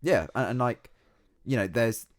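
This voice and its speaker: A young man chatting casually on a podcast, animated and swearing freely, laughing often. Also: medium pitch, a little slow, no room sound, studio quality. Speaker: podcast guest. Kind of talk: casual chat.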